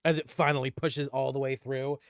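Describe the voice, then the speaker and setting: A man narrating a tabletop game as dungeon master, telling the story in animated, quick bursts. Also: medium pitch, clear, resonant tone, no room sound, clean studio sound.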